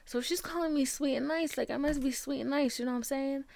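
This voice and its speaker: A woman's voice: high voice, fast, vocal fry, a little mellow. A young adult woman hosting her own podcast, talking frankly and mocking herself, swearing often and filling her talk with "like". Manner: frank, self-mocking, profane, with lots of "like" fillers. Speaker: podcast host. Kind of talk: candid solo podcast monologue.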